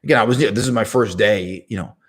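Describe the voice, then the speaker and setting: A man with a fairly low voice, speaking a little fast, hosts his own channel. He tells a personal story in a rambling monologue, wandering off on tangents, correcting himself, and laughing at his own expense.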